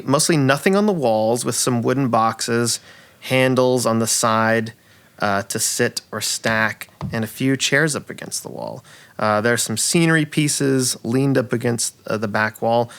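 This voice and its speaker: A male dungeon master with a bright, forward voice at a middle pitch. He narrates the scene in a rambling, descriptive way, full of fillers and restarts. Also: measured pace, clean tone. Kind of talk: narrating a tabletop game.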